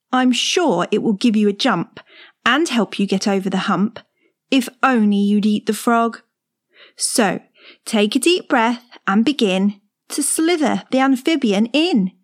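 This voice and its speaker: A woman reads a light, rhyming poem with a bouncy, playful rhythm. Her voice sits slightly high for a woman. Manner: playful, rhythmic verse delivery. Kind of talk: comic poem reading.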